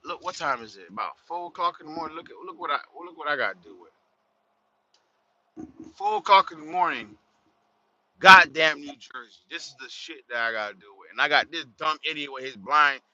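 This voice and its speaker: A man's voice: fairly high pitch, bright, forceful tone, a little hiss or hum. Blunt trucker man talking from the cab. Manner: blunt, streetwise, swearing freely. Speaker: truck driver. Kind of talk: casual vlog while driving. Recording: dull lo-fi sound.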